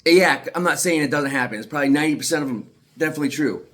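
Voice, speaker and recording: A man's voice: fairly high pitch, racing, fairly bright tone, slight background noise. Angry man ranting with heavy swearing. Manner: profane, agitated, emphatic. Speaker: aggrieved father telling his story. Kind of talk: angry monologue to camera.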